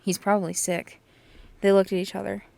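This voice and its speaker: Chatty woman reading a novel out loud, curses a bit, trips on words, middle pitch. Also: level tone, a little fast, creaky. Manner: chatty, swears, stumbles and restarts. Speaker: podcast host reading aloud. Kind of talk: casual book reading with commentary.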